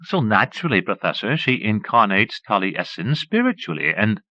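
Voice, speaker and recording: A man's voice: lowish voice, very animated, moderate pace, bright, forceful tone, no echo. A man voicing a gushing, pompous self-styled duchess in an audiobook, with a simpering, scornful manner, on a dull old cassette recording. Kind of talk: audiobook character voice.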